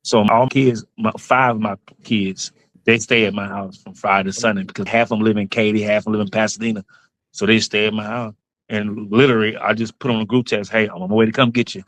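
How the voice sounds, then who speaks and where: A man's voice: on the low side, steady tone, fast talker, a bit bright, dry recording, rough recording. A man, a basketball club owner and coach telling his story in an interview, earnest and emotional, going over points again and again.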